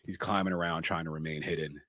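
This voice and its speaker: A man hosting a podcast, telling a film scene in casual, animated detail with many restarts. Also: low-pitched, fast, no echo, studio quality. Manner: animated storytelling with frequent restarts. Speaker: podcast host.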